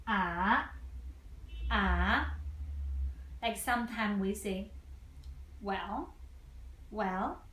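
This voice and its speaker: A woman's voice: mid-range voice, fairly bright tone. A woman teaching a Mandarin lesson patiently, repeating each sound twice in simple English. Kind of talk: slow language lesson. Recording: echoey room.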